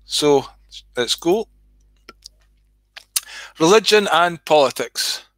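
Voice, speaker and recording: A man's voice: a little high, lively intonation, takes it slowly, fairly bright tone, dry recording. A man telling a comic story and chatting, sweary and rambling. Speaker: host reading his own comedy skit.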